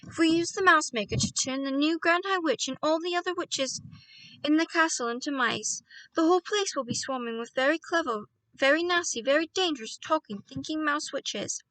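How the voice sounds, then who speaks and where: A woman reading aloud voices an eager young boy who has been turned into a mouse, speaking with rushing excitement. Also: sits high, dry recording, far from the mic, voice pushed up, rough recording.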